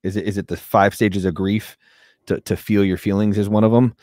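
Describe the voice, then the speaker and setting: A man co-hosting a podcast, chatting casually, often pausing on ums and restarting his sentences. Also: on the low side, little pitch movement, darkish tone, dry recording, clean studio sound. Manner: searching for words, many ums and restarts. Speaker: podcast co-host.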